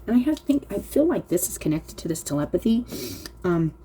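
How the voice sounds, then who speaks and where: A woman's voice: medium pitch, sing-song, dark tone, slight background noise. Earnest woman reading oracle cards. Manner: earnest, slow reading aloud, often addressing "you guys". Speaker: oracle card reader. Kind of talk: casual spiritual card reading.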